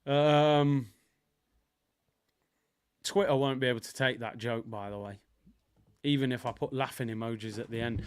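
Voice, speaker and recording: A man's voice: medium pitch, a little slow, pauses often, a bit bright, clean tone. A young man hosting a football watchalong livestream, chatting casually in slang-filled banter. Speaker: livestream host.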